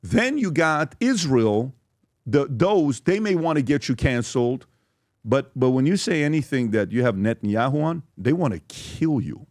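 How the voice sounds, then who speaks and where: A man's voice: mid-range voice, normal speed, no room sound. A man hosting a podcast in a studio, talking casually and acting out quotes he reads aloud. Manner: animated, acts out quotes and reads tweets aloud. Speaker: podcast host.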